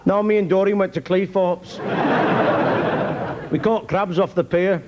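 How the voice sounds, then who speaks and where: A man's voice: high voice, a little slow, pitched above the performer's own voice. A man doing a brash young barmaid-type woman. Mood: chatty. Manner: blunt, chatty, unimpressed. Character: brash young working-class woman at a bar. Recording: hissy old TV recording.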